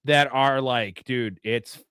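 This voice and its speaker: Male host, rambling and profane, smooth clear voice, dry close sound. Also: mid-range voice, takes it slowly, a bit bright, dry recording. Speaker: fantasy football show host. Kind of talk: casual live show chat.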